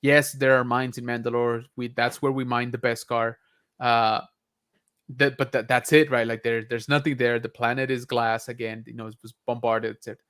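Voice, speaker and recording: A man's voice: mid-range voice, flat delivery, normal speed, fairly bright tone, smooth. Rambling casual podcast co-host man. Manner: rambling, many fillers and restarts. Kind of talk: casual chat.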